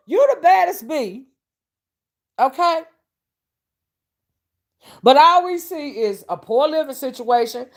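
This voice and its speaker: A woman hosting a casual live-stream commentary, sassy and mocking as she rants and greets her chat. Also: high voice. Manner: greets chat viewers mid-rant. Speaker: online commentary host.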